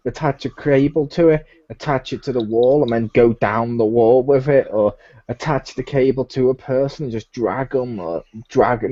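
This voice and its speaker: A man hosting a casual gaming podcast, telling stories animatedly and acting out lines from games. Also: medium pitch. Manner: animated storyteller, acts out game characters' lines. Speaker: podcast host. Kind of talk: casual chat. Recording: dull lo-fi home recording.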